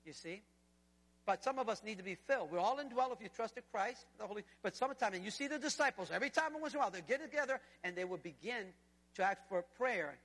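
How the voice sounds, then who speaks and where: A man preaching a sermon in an animated way, swinging between loud and hushed delivery. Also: high voice, fast talker. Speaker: guest preacher. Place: church sanctuary. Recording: church hall reverb.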